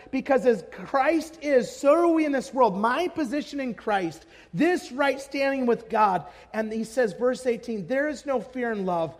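A man preaching a passionate sermon as pastor, swinging between hushed tones and shouts. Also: very high-pitched. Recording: long hall reverb.

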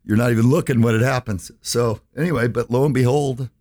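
A man's voice: mid-range voice, fairly even intonation, brisk, a little mellow, no echo, studio quality. A man in his fifties from California, an advisor introducing himself in an earnest, filler-heavy monologue that keeps checking in with listeners. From California, USA.

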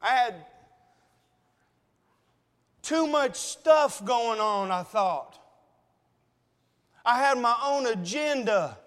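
A man's voice: extremely high pitch, lively intonation, extremely slow, long pauses, a bit bright, clear, resonant tone, in a large hall. A man preaching a sermon, telling a personal story in an emotional, conversational way and calling the congregation brethren.

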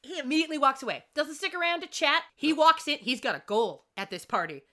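Lively, bright-voiced woman recapping a show. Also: high voice, fast talker. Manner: animated, acts out characters' lines in quotes. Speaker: podcast co-host. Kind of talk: casual episode recap chat.

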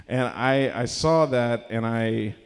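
Young male comic, self-mocking storyteller, mid pitch, live room with lingering reverb. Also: clear, resonant tone. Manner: rambling, self-mocking, acts out quotes in raised voices. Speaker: stand-up comedian. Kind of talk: stand-up storytelling. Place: live comedy venue.

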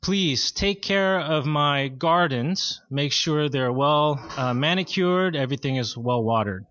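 A man's voice: on the high side, unhurried, fairly bright tone, dull audio, slight background noise. A man voicing a wealthy master who gives his servants instructions in a joke within a sermon. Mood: instructing.

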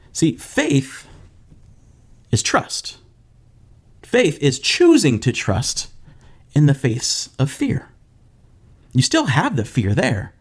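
A young man preaching a sermon on a podcast, telling the story with animated asides and acting out voices of the disciples and Jesus. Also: medium pitch, husky. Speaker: pastor.

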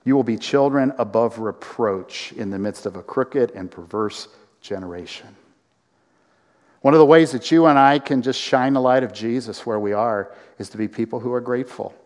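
A man preaching a sermon to a congregation, animated, with acted-out quotes and rising emphasis. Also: mid-range voice, big-room sound. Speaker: pastor.

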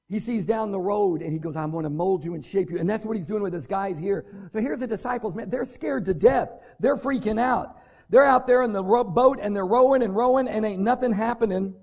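Pastor, man, animated and conversational sermon delivery, high voice, slightly muffled recording. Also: a little fast. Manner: animated preaching with conversational asides.

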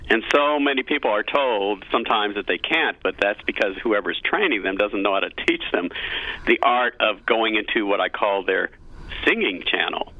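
Speaking as a radio interview guest by phone, this middle-aged man directs a cathedral choir and talks with earnest enthusiasm. His lowish voice moves at a moderate pace, and the recording is dry and tinny.

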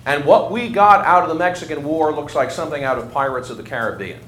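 A man's voice: on the high side, fast, hardly any pauses, a bit bright. A man giving a conversational history lecture to a class, asking his students questions as he goes. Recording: echoey room, faint ambient noise.

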